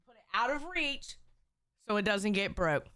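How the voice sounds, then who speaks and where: A woman's voice: medium pitch, quick pace, fairly bright tone, clean tone, dry recording. A woman hosting a casual livestream, emotional and teary, joking and swearing as she chats with viewers. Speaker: livestream host.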